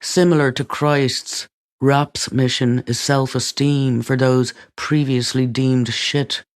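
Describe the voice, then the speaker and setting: A man reads a first-person memoir aloud at a middle pitch. He keeps the reading steady and even, and he delivers the wry asides dryly. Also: slow pace, clear, resonant tone. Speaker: audiobook reader.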